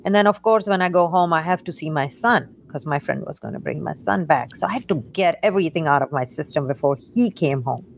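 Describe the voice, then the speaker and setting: A middle-aged woman, an interview guest, telling a painful personal story in a halting way with many fillers and restarts. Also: lowish voice, vocal fry, slight background noise. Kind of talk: emotional personal story in conversation.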